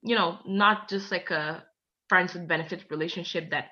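A young woman from Canada shares personal stories as a podcast guest, animated and chatty. She acts out both sides of each exchange. Her voice is bright and forward, and the recording sounds a little muffled and lo-fi. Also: on the low side, moderate pace. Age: 20s. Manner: lively, acts out both sides of conversations, laughs mid-story. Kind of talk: casual storytelling.

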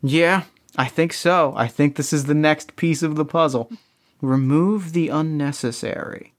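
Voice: medium pitch, measured pace. A player in an escape-room game who thinks aloud, restarts sentences and jokes at their own expense. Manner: restless restarts, self-mocking.

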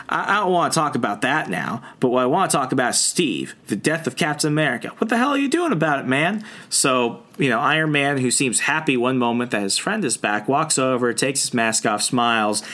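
A man's voice: mid-range voice, pushed and bright. Casual man retelling a comic story. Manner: retells scenes, acting out lines in quick voices. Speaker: podcast co-host. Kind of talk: casual comic recap chat.

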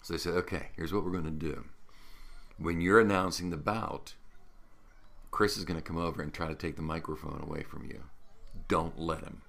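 Deep-voiced man telling stories. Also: normal speed, gravelly, pauses often. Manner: animated anecdotes, acts out other people's lines. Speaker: guest, veteran radio host. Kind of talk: casual storytelling.

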